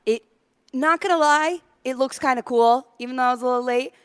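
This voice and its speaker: Chatty woman on sports radio, smooth and dry. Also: high-pitched, fairly quick, no echo. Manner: chatty, animated storyteller. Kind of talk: casual sports talk. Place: radio studio.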